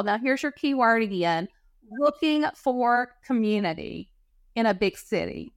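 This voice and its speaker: A woman telling stories as a podcast guest in casual talk, animated and acting out quoted dialogue. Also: a little high, a little slow, no room sound, clean studio sound. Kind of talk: casual storytelling interview.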